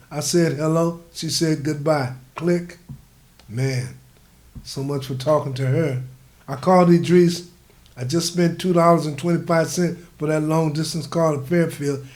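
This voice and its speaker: Man reading his memoir aloud, conversational storyteller, voice on the high side. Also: darkish tone. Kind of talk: memoir narration.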